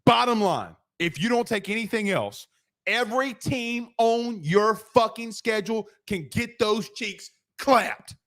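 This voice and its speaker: A man with a high voice hosts a postgame sports show. He rants in a brash, profane, rapid-fire way, fired up and hammering each point. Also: expressive, a bit bright. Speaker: sports talk show host.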